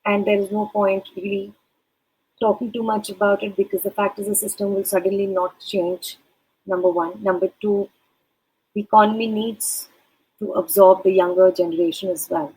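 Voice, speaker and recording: A woman with a slightly husky voice at a middle pitch gives career advice. She speaks in a measured way and talks straight to the listener. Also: little pitch movement, darkish tone, rough recording. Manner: measured, advising, addresses listener directly. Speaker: career advisor. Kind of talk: advice talk.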